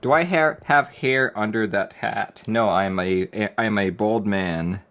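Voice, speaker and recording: A man's voice: fairly low pitch, unhurried, a bit bright, highs cut off. A man live-streaming a keyboard build, chatting casually and joking with viewers. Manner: laid-back, joking with chat, often laughing.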